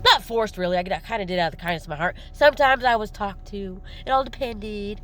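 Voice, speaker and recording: A woman's voice: mid-range voice, expressive, fast talker, fairly bright tone, slight background noise. A woman vlogger ranting to her viewers, riled up, irritated and blunt, repeating her jeers. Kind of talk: ranting monologue to camera.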